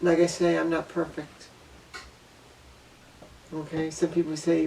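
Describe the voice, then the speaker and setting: Speaking a little away from the mic, a vlogger sounds distant as he gives an earnest, emotional personal monologue, looping back and repeating words. His gravelly, fairly high voice is a little mellow and monotone. He's unhurried and leaves long pauses.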